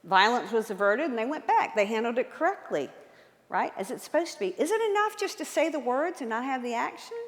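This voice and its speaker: Animated woman speaker in a reverberant hall. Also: a little high, fairly quick. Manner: enthusiastic, quizzes the audience with questions. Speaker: guest speaker and author. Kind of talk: lively history talk to a live audience. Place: large church hall.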